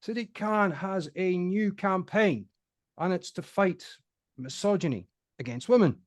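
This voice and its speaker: A man's voice: high-pitched, expressive, unhurried, no room sound. A man hosting a casual political chat, opinionated and conversational. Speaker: host.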